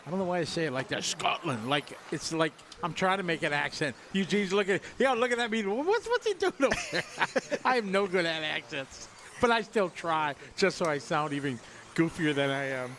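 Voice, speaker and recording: A man's voice: fairly high pitch, fairly quick, fairly bright tone, slight background noise. A man from Wisconsin giving chatty, upbeat live race commentary and greeting viewers. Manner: chatty, upbeat, jokes with chat and co-host.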